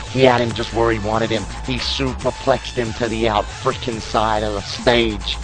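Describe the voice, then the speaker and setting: A young man calls a wrestling match in an excitable, indignant play-by-play, his voice rising into disbelieving shouts. His speaking voice sits fairly low. Faint music plays behind him. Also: low-quality recording. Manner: informal, talks fast at big moments. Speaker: wrestling commentator.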